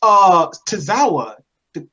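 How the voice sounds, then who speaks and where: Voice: medium pitch, very animated, takes it slowly, dull audio, a crowd in the background. A person in a casual chat on a video call, complaining heatedly and profanely. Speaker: podcast co-host. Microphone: video call mic.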